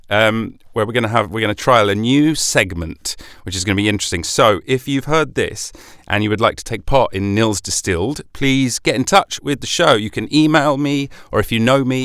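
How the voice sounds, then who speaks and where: A man's voice: medium pitch, a bit bright, clean tone, no echo. Chatty British man, dry close mic. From Britain. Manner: chatty and opinionated, rhetorical questions. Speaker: podcast host. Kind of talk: solo podcast monologue.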